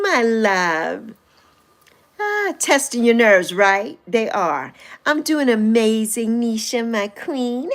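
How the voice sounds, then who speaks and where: A woman in her sixties chats on her livestream in a fairly high voice that swoops up and down. She reads viewer comments aloud and answers them, teasing them and laughing often. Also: big pitch swings, slow pace. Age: 60s. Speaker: livestream host. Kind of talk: casual livestream chat with viewers.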